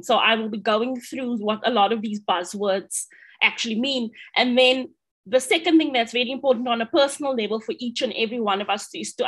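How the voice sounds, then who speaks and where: A woman's voice: fairly high pitch, a bit bright. A South African woman with a South African accent giving an online seminar talk as an astronomer, upbeat and friendly, with frequent ums and restarts. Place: home or office in Amsterdam.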